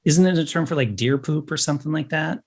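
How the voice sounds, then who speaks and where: A man's voice: fairly high pitch, fast talker. A man guest on a podcast, joking in a dry, understated way. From United States. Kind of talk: casual chat.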